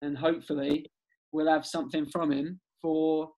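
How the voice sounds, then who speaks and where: Male podcast host, casual and excitable, slightly high voice. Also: normal speed, poor audio. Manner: chatty, laughs often, excitable. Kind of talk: casual chat.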